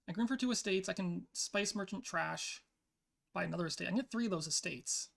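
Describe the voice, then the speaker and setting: Mid-pitched voice with vocal fry. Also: fairly quick. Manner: thinks aloud, frequent "like" fillers. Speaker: player narrating own online card game match. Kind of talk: casual gameplay commentary.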